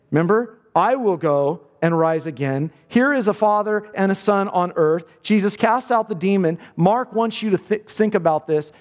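A man's voice: fairly high pitch, a little mellow. A male pastor preaching a sermon in a church, earnest and building to fervent emphasis. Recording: long reverb of a large hall.

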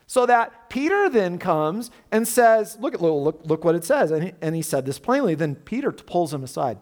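A male pastor preaching a sermon in an animated, conversational way, full of rhetorical questions. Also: high voice, moderate pace, few pauses, long reverb tail.

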